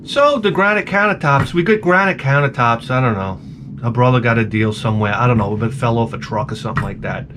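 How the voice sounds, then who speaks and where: A man's voice: mid-range voice, fairly bright tone, slight background noise. Exasperated, swearing man ranting. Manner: exasperated, profane, self-mocking. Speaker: comedy vlogger. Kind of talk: comic storytelling rant.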